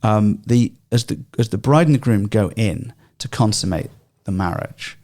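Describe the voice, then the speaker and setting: A man in a Bible study podcast chat, explaining at length with animated energy and many ums and restarts. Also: lowish voice, moderate pace. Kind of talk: casual discussion podcast.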